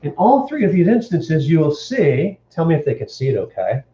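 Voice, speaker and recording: A man's voice: on the high side, wildly swooping pitch, brisk, dark tone, echoey room, muffled recording. A man teaching Hebrew grammar to a live stream, explaining step by step and checking in with his listeners. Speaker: Bible teacher.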